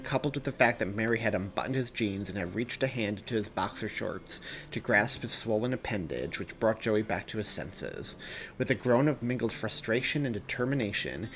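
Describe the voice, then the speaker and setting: A man, the author himself, reading his own novel aloud in a steady storytelling delivery. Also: on the low side. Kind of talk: audiobook narration.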